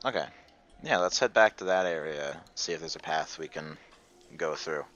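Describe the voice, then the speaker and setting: Very deep male player, bright tone, dull lo-fi mic. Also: moderate pace. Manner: amused, easygoing, laughs often. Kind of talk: casual tabletop play. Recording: dull lo-fi audio.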